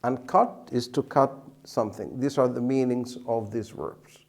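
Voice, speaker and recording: A male teacher explains grammar slowly and deliberately, repeating key words. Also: medium pitch, a little mellow. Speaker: English teacher. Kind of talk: explaining at a whiteboard.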